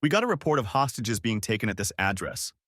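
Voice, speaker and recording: A man playing a curt, older cop on a SWAT call, formal and clipped, with a lively rise in pitch on his questions. The voice is dry and close-miked. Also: fast talker, no echo. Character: older male SWAT police officer, curt.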